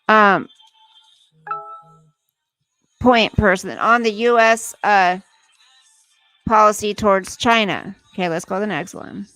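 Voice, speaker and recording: A woman's voice: mid-range voice, a bit bright, no echo. A woman hosting a casual livestream, ranting indignantly, swearing, and reading news aloud to her viewers. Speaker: livestream host.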